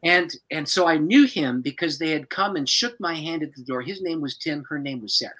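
A man who is a pastor, telling a personal story as a podcast guest in an animated way and chuckling often. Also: on the high side, fairly quick, poor audio.

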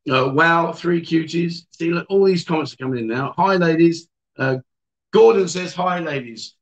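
Brief: male livestream host, playful banter, reads comments, higher pitch. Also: moderate pace, lo-fi sound. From England. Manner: teasing, joking banter with guests. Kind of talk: casual livestream chat reading viewer comments.

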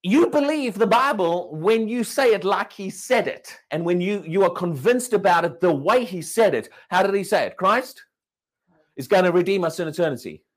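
A man's voice: sits high, expressive, moderate pace, few pauses. Guy preaching a sermon, keeps asking the crowd questions, voice swoops up and down. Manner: emphatic, repeats and restarts words, asks the congregation questions.

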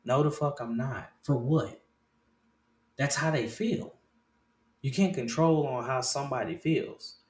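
A man in his thirties hosts a casual podcast talk show, swearing freely, restarting and repeating phrases, and swinging from low murmurs to loud, excited bursts. He talks a little slowly with long pauses, and the sound is reverberant.

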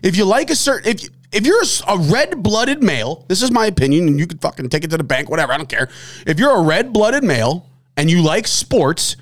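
Brief: young New man, high lively voice, loud and mocking sports rant. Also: brisk. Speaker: sports podcast host. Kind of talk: heated casual sports chat.

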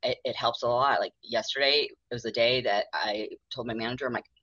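A woman therapist with a very low, bright voice talks in a chatty, rambling way, acting out her own thoughts with a laugh. The sound is dry and a bit muffled. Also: steady tone, a little fast, no echo. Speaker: mental health therapist, guest. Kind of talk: candid podcast interview.

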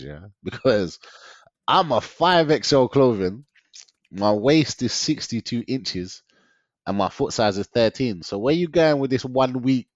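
A man's voice: medium pitch, dry recording. A young man, telling his story in a casual interview, slangy and often laughing. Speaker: guest. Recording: dull lo-fi dry sound.

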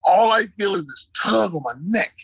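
Emphatic man with a slightly high voice. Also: expressive, moderate pace, vocal fry, a bit bright, husky, dry recording. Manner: emphatic, repeats key phrases; casual, colloquial delivery. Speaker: interview guest. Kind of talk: personal storytelling in conversation.

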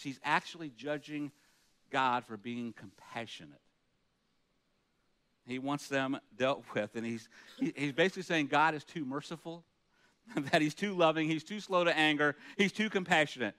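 A pastor preaches a sermon in an earnest, conversational manner, reading scripture aloud between comments and posing rhetorical questions to the room. His voice is fairly high and a bit bright, at a normal speed with long pauses.

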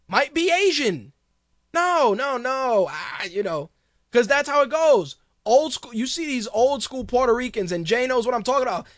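A man's voice: very high-pitched, sing-song, normal speed, a bit bright, no echo, clean studio sound. A man hosting a podcast, ranting bluntly and crudely in a heated, profane monologue. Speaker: podcast host.

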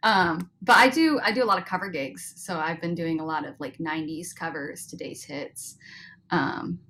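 A woman's voice: lowish voice, normal speed, slight background noise. A young woman from the United States, a singer-songwriter guest, chatting casually on a video call and laughing often. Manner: giggly, relaxed, laughs often. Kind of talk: casual interview chat.

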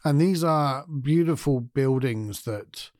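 A man hosting his own podcast, talking in a gentle, candid way and thinking aloud. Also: mid-range voice, slow pace, dry recording, studio quality. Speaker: podcast host. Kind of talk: reflective solo podcast talk.

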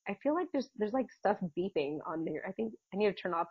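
A woman's voice: medium pitch, very animated, fast talker, slightly rough, dry recording, lo-fi sound. A woman podcast co-host casually telling a long personal story, chatty, with frequent laughs and restarts. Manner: chatty, laughs often, many fillers and restarts.

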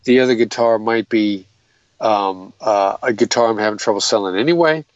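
A man's voice: fairly low pitch, normal speed, no echo, lo-fi sound. A man explaining negotiation tactics in an interview, earnest and methodical, often restarting his sentences. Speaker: guest, hostage negotiator.

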